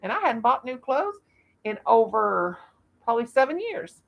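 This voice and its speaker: A woman's voice: fairly high pitch, sing-song, moderate pace, gravelly, lo-fi sound. A woman in her fifties hosting a casual live stream, rambling in a folksy way and laughing at herself. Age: 50s.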